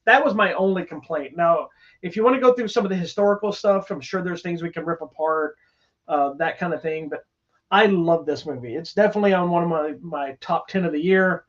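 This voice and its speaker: Speaking a little fast in a fairly high pitch, a male podcast co-host rambles through an enthusiastic, casual chat about movies, often restarting. The lo-fi recording sounds slightly dull.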